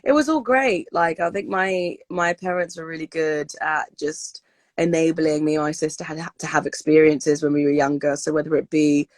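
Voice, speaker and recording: A woman's voice: deep voice, fairly even intonation, normal speed, dry recording. A young woman, a guest in a casual interview, talking in an upbeat, loose way with many fillers and repeated words. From United Kingdom.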